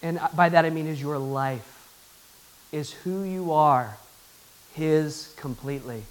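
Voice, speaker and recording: A man preaching a sermon to his church, swinging from loud, excited bursts to hushed, earnest appeals. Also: fairly high pitch, takes it slowly. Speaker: pastor.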